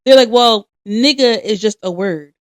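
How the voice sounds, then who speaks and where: A young adult woman co-hosting a podcast, telling stories in casual chat with a lively, profane delivery. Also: fairly high pitch, normal speed, dry recording, clean studio sound. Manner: animated, profane storytelling. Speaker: podcast co-host.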